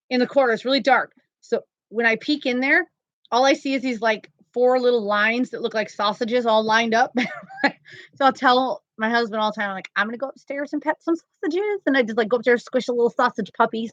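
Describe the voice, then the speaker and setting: A woman's voice: a little high, fairly bright tone, no room sound. A woman hosting a casual crochet live stream from home, chatty and laughing often. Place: home, indoors. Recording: slightly dull lo-fi sound.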